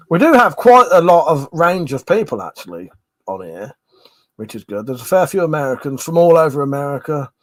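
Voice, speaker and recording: With a slightly high voice and no echo, a man hosts a casual livestream, reading chat comments aloud while rambling, swearing and laughing. He comes from Scotland but has a Manchester English accent.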